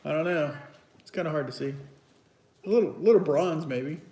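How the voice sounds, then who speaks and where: A man's voice: on the high side, normal speed, warm tone. A man hosting a casual, teasing sports picks chat at home. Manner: chatty, teasing, loose and rambling. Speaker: host. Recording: echoey room.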